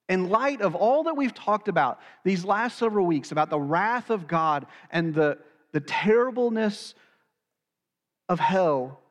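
High-voiced man preaching in a hall. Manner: earnest preaching, slows to stress key phrases. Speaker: pastor. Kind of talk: sermon.

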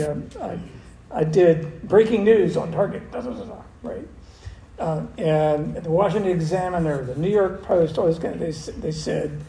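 An older man preaching a conversational sermon as pastor, animated and full of restarts. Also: sits high, gravelly. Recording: echoey room with faint noise.

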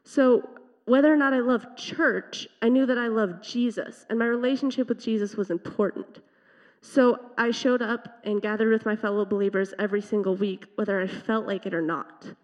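A teenage girl shares her story from the pulpit in an earnest, reflective way. Her voice sits a little high and carries a long hall reverb. The sound is somewhat dull and muffled. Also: steady tone, normal speed. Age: teens. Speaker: teen speaker at youth worship service. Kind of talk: personal testimony sermon. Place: church sanctuary.

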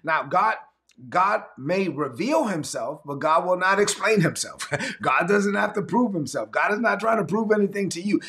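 A man's voice: fairly high pitch, animated, normal speed, a bit bright. A man preaching a sermon as pastor, conversational and emphatic with dramatic swings.

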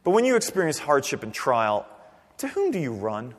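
A man preaching a sermon in a church, animated, swinging from near-shouts down to quiet, earnest tones. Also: moderate pace. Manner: animated preaching, rising to near-shouts then dropping low. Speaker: pastor. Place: church sanctuary. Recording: long reverb of a church hall.

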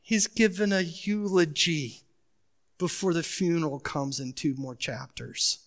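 A man preaching a sermon as pastor, emphatic, asking the congregation questions and swinging from loud urgency to quiet pleading. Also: fairly high pitch, measured pace.

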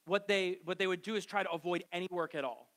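A man's voice: high voice, fast, a bit bright. A middle-aged man preaching a sermon to a congregation, telling a joking story about growing up and acting out the quotes. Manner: conversational, self-mocking storytelling with acted-out quotes. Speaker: pastor. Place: church hall with a live congregation.

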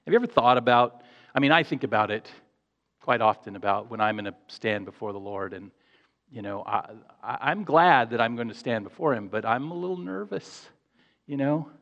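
A man's voice: medium pitch, expressive, moderate pace, gravelly, a bit bright. A man preaching a sermon in an earnest, emphatic way, repeating phrases for stress. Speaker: pastor. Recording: echoey hall, dull lo-fi sound.

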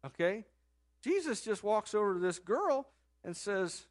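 A man preaching in a loose, conversational way, telling the story with lively swings. His fairly high voice jumps up and gets louder at exciting moments, then sinks soft and low when he quotes. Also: a little slow. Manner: conversational, animated storytelling with sudden jumps in pitch and loudness; drops to a soft, low voice when quoting Jesus. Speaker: pastor. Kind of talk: sermon.

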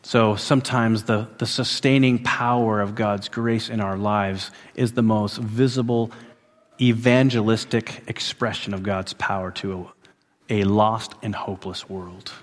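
A man preaching a sermon who repeats phrases for emphasis, rising to loud emphatic peaks and dropping to hushed endings. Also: fairly low pitch, fairly even intonation, a little slow, long reverb tail. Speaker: pastor.

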